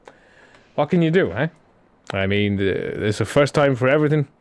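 A man co-hosts a radio show, teasing his partner and laughing often. His pitch swings widely as he talks. The studio sound is close and dry. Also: animated, fairly quick, dry recording. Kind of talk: casual radio banter.

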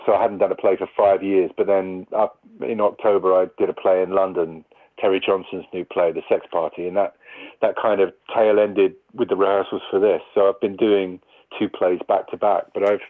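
A man's voice: deep voice, level tone, normal speed. A male actor answering interview questions in a thoughtful, rambling way, with many restarts. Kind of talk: conversational interview. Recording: tinny phone-like line.

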